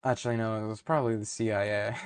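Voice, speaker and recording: A man's voice: on the low side, steady tone, fast, smooth, dry recording. A young man vlogging to camera, ranting heatedly and rambling, with many fillers and swearing.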